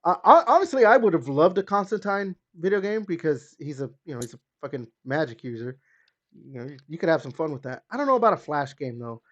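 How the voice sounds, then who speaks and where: A man's voice: big pitch swings, fast talker, a bit bright. A man hosting a gaming podcast in casual chat, chatty and hedging with lots of fillers. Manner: chatty, hedging with fillers, rises and drops in pitch. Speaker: podcast host. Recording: slightly dull lo-fi sound.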